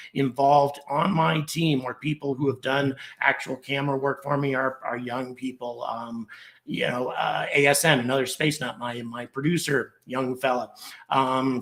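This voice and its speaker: Gravelly man hosting a livestream. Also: medium pitch. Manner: rambling and grateful, with many fillers and restarts. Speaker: livestream host. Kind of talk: live stream chat, reading out viewer messages.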